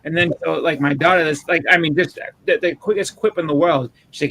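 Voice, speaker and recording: This podcast co-host, a thirtysomething dad of a little girl, talks fast with few pauses, telling meandering anecdotes packed with false starts and performed quotes. His voice runs fairly high, a bit bright and slightly rough. Audio quality is poor, with faint noise behind him.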